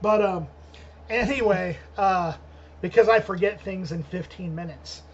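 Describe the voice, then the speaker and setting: A man's voice: high voice, a little slow, muffled recording. A man co-hosting a podcast over an internet call, rambling casually with lots of laughter and restarts. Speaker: podcast co-host. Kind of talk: casual chat. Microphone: remote call over the internet.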